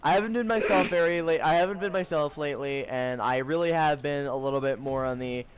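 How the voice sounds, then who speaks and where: A teenage boy chatting casually to his vlog audience, tired and rambling, with excitable bursts. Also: a little high, brisk, noisy background. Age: teens. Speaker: high school student vlogger.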